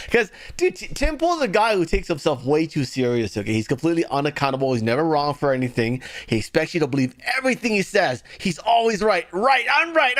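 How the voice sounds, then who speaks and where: Host, male, mocking and sarcastic, lively up-and-down delivery on a casual news stream. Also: sits high. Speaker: livestream news commentary host. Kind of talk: casual political commentary.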